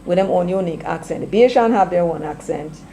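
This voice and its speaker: A Jamaican woman hosting casual commentary, chatty, slipping between patois and English, her throat a little hoarse. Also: on the low side, fast, mellow, slight background noise, poor audio. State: slightly hoarse, clearing throat. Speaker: commentary channel host.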